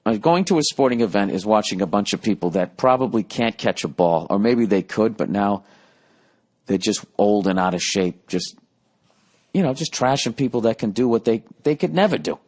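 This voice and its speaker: Profane rambling podcast host, late forties. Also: male voice, lowish voice, expressive, moderate pace, a little mellow. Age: 40s. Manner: profane, rambling, self-mocking. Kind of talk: casual comedic rant.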